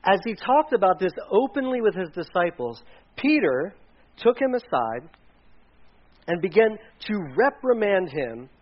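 A man's voice: high-pitched, sing-song, unhurried. Man preaching a chatty sermon, muffled sound. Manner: chatty, rambling with restarts and asides. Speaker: pastor. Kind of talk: casual conversational sermon. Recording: dull lo-fi recording.

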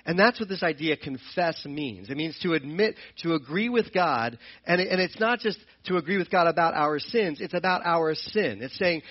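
Guy teaching a bible lesson, kinda high voice, earnest, dull lo-fi sound. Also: animated, moderate pace, few pauses. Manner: earnest, explanatory, repeats and restarts phrases. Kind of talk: sermon-style Bible teaching.

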